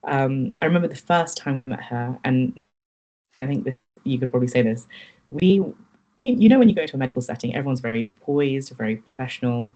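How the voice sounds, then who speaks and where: A woman's voice: extremely low pitch, lively intonation, a little fast, mellow, rough recording. A woman who is a podcast guest, giving an earnest, reflective and candid personal account in an interview.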